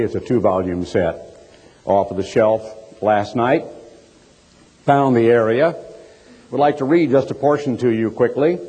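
A man preaching a sermon, telling a story in a measured way and reading aloud from a book, slowing down on key words. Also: fairly low pitch, a little mellow, breathy edge. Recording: reverberant hall.

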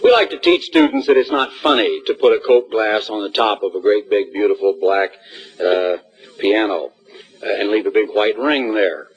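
Husky-voiced man, auditorium address to students, folksy storyteller, dull old recording. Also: fairly low pitch, sing-song, normal speed. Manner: folksy, acts out little scenes with voices. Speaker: college leader addressing new students. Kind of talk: assembly address.

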